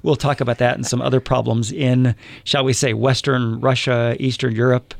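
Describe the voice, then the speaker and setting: A man's voice: mid-range voice, level tone, normal speed, vocal fry, no room sound. A middle-aged man hosting a live talk radio show, chatty and joking, with a lot of laughter. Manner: chatty, laughs often, jokey asides. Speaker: radio show host, journalism professor.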